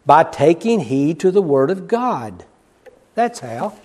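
A male preacher with a high voice delivers a sermon in a church sanctuary with a long, ringing reverb. He swings from loud, rapid bursts of emphasis to hushed, slow passages. He drives each point home by repeating it. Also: very animated. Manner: repeats key phrases for emphasis. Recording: long reverb of a large hall.

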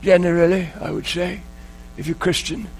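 A man preaching a sermon, telling a story in an earnest, emotional way with dramatic pauses. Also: sits high, steady tone, gravelly, slight background noise, poor audio.

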